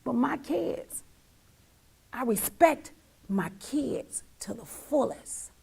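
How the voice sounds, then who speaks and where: A woman's voice: sits high, lively intonation, takes it slowly, creaky, a little mellow, slightly rough. A middle-aged woman telling her own story as a mother, emphatic and repetitive, sometimes dropping almost to a whisper. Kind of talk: heartfelt personal testimony.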